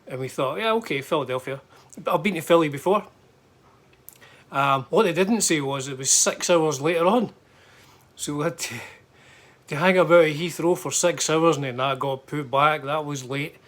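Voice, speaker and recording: A man's voice: on the high side, steady tone, normal speed, a bit bright. A middle-aged man with a Scottish accent, chatting casually about a trip, rambling with lots of fillers and restarts. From Scotland. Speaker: guitar vlogger. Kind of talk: casual travel chat.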